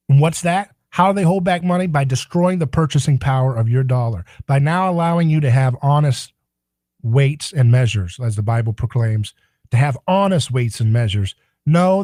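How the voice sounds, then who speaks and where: A man's voice: mid-range voice, darkish tone, no echo. A man hosting a political talk radio show, delivering a sarcastic, indignant monologue.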